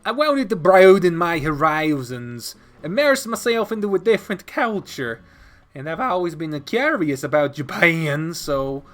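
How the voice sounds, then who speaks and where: A man's voice: a little high, big pitch swings, unhurried, faint music behind. A man voicing a nervous young man who answers in a hesitant way that trails off.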